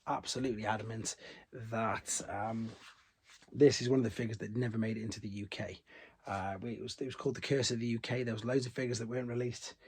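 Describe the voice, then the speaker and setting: A man's voice: medium pitch, slightly rough. A man chatting casually about a collector's toy, rambling with many fillers and restarts. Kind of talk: casual unboxing chat.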